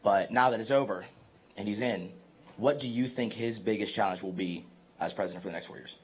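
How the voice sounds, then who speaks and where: A man's voice: on the low side, brisk. A young man in the audience asking a question at a public talk, casual and eager. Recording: crowd murmur and room noise behind.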